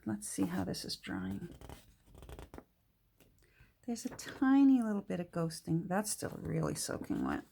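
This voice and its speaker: A woman's voice: lowish voice, sing-song, unhurried, gravelly, pauses often, mellow, slight background noise. A woman from Canada with a Canadian accent, chatting casually and musing aloud to herself while she works on a craft project. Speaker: junk journal crafter.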